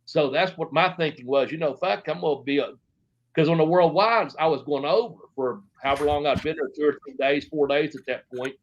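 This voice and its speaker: A middle-aged man with a slightly high voice tells stories in a loose, rambling way, full of cursing and acted-out dialogue. The recording sounds dull and lo-fi. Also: a little fast. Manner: rambling, profane, frequent restarts and quoted dialogue. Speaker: interview guest. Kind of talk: casual storytelling.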